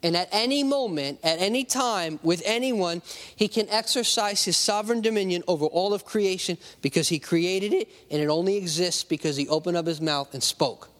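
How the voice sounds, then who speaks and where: A man's voice: high voice, moderate pace, a bit bright. A male pastor preaching a conversational sermon, acting out little voices and talking straight to the congregation. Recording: long hall reverb.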